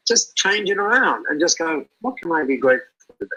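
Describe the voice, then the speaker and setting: A man's voice: a little high, very animated, quick pace, sharp tone, husky, poor audio. A middle-aged man as an interview guest, talking animatedly and often repeating words as he thinks aloud. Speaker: speaker and guest. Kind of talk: conversational interview.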